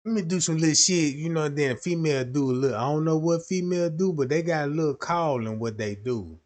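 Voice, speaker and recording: A man's voice: fairly high pitch, brisk, a little mellow. A man streaming a casual, rambling monologue, slangy and full of repeated fillers.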